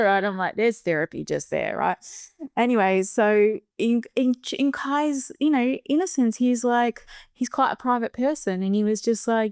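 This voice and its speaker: A middle-aged Australian woman hosting a podcast, telling a story in a casual, animated way, often laughing and acting out the voices of the people she quotes. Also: a little high, normal speed, clear, resonant tone, no echo, studio quality. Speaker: podcast host.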